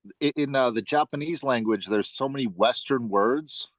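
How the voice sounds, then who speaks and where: A curious man in casual conversation who keeps asking follow-up questions. His voice sits at a middle pitch and sounds dry, with no room around it. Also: moderate pace, no room sound. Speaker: conversation partner. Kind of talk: casual chat.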